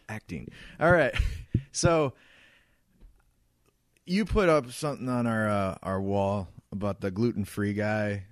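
A man in his thirties co-hosting a podcast, telling an animated, profane story about annoying customers. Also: fairly low pitch, takes it slowly, long pauses, dry recording, clean studio sound. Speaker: podcast co-host.

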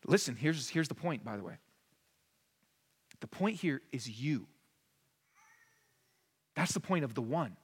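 A man in his thirties, a pastor, preaching a casual sermon that swings from hushed asides to emphatic high points. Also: expressive, measured pace, pauses often, breathy edge. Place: church sanctuary. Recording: long church reverb.

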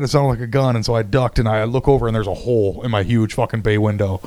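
A man's voice: on the low side, quick pace. A man from Michigan telling a wild story in casual podcast chat, swearing often and laughing as he goes. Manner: profane, laughing, animated storytelling.

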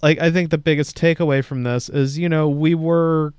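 Smooth-voiced sardonic male podcast host. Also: on the high side, fairly even intonation, normal speed, darkish tone, no echo, studio quality. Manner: casual, swears freely, sardonic. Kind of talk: casual news commentary chat.

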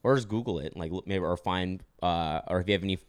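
A man's voice: low voice, quick pace, a little hiss or hum. A young man hosting a podcast, chatting casually with plenty of fillers and jokes. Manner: rambling, filler-heavy, joking. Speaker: podcast host. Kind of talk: casual chat.

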